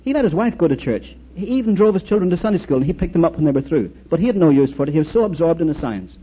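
A man with a somewhat higher, husky voice preaches in an anecdotal, storytelling way. His pitch swings widely as he acts out conversations. The sound is dull and lo-fi, like an old recording. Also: racing. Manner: anecdotal, animated, trades quoted dialogue. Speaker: speaker addressing an audience. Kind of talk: storytelling sermon talk.

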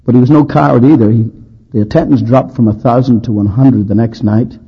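A male preacher with a husky voice, telling a sermon's historical stories with dry humor and emphasis. The recording sounds dull and lo-fi, like an old tape. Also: medium pitch, steady tone, a little fast. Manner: anecdotal, dryly humorous, emphatic.

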